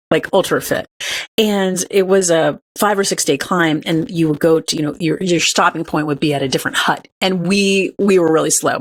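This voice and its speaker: A woman, a podcast guest and author, telling stories in an earnest, upbeat conversational way. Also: fairly low pitch. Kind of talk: conversational interview.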